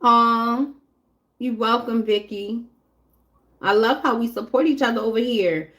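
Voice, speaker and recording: A woman's voice: fairly high pitch, unhurried, fairly bright tone. A woman giving a casual live tarot reading, talking bluntly and chattily straight to her viewers. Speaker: tarot reader.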